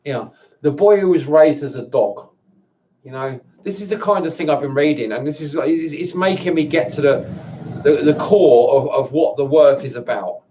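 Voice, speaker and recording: A man in a personal video monologue, tired and upset, talking in halting bursts with repeated words and frequent swearing. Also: a little high, dark tone. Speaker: vlogger. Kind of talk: emotional personal monologue to camera.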